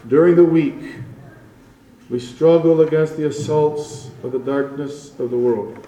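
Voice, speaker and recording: A man preaching a sermon to his congregation in slow, measured phrases, rising strongly on key words and dropping to a hush. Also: fairly high pitch, reverberant, rough recording. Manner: slow, measured preaching with dramatic rises and hushed drops. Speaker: pastor.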